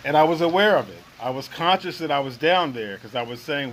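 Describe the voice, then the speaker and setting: Earnest high-voiced man telling his story. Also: expressive, a little fast, a bit bright, slight background noise, rough recording. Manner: earnest, reflective, searching for words. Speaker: guest sharing a personal experience. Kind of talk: first-person storytelling.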